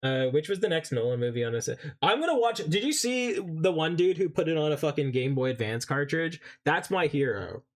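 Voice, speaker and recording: A man, who spent his early years in England, chats on a live stream in an animated, profane rant. His voice sits a little high for a man, and he swears freely as he talks with his viewers. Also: fairly quick, hardly any pauses. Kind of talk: casual live-stream chat.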